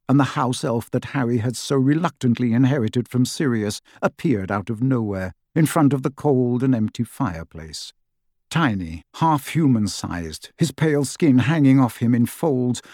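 A male audiobook narrator with a mid-range voice reading in a measured, even storytelling manner. The recording is close and dry, with no room sound. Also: medium pitch, dry recording. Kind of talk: scripted narration.

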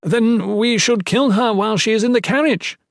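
A man's voice: sits high, moderate pace, creaky, no echo, studio quality, voice pushed up. A man voicing a hot-headed male priest who argues in a strained, raised voice. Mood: indignant.

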